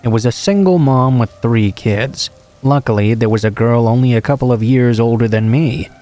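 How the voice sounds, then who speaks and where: A man calmly reading true horror stories aloud as a narrator, in an even storytelling manner. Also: medium pitch, normal speed, faint music behind. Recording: rain sounds behind the voice. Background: steady rain.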